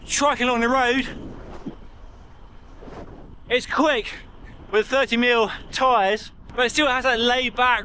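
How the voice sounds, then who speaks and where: A man talking through a bike review in a measured, conversational way. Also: very high voice, pushed and bright, a little hiss or hum. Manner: measured, conversational product comparison. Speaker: cycling reviewer.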